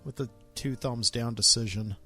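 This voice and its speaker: A man's voice: mid-range voice, moderate pace, sharp tone, husky, dry recording, soft background music. A man hosting his own podcast in a casual solo monologue, rambling and wry, with many ums and uhs. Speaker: podcast host.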